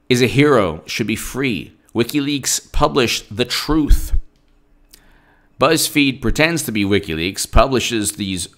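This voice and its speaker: Animated, combative male commentator. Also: medium pitch. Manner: combative and rambling, with frequent asides; reads quoted statements from his phone. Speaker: political commentator. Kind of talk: solo opinion video.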